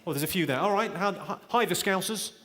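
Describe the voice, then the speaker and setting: A man's voice: sits high, fast talker. A man doing a stand-up comedy routine in a large theatre, with a wry, punchline-driven delivery that teases the crowd. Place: large theatre venue with a live audience. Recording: echoey hall, loud audience laughter.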